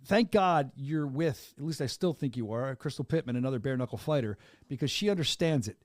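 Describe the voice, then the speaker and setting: A middle-aged man hosting a podcast, joking and animated in casual chat. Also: medium pitch, dry recording, studio quality. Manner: animated, joking, fast-talking. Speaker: podcast host.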